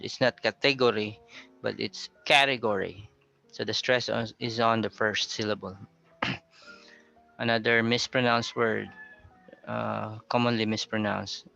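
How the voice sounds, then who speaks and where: A man's voice: mid-range voice, creaky, pushed and bright. A male pronunciation teacher giving a classroom lecture, patiently explaining word stress step by step and quizzing his students. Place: classroom with a blackboard. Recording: dull lo-fi sound with faint music.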